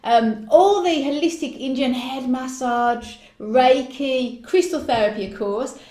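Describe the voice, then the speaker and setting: A woman in her forties speaks in a fairly high voice, chatty and enthusiastic as she recommends calming remedies. She is co-hosting a casual wellness chat. Her voice echoes in the room. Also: a little slow. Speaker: co-host.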